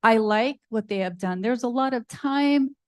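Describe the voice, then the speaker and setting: An older woman making a public comment at a city meeting, forceful and pointed yet earnest, speaking at a podium microphone. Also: on the high side, normal speed, no room sound, clean studio sound.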